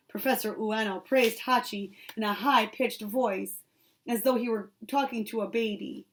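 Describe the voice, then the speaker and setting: A woman's voice: medium pitch, moderate pace. Give me a woman reading a children's novel aloud. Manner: reads steadily, correcting small slips. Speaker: audiobook reader.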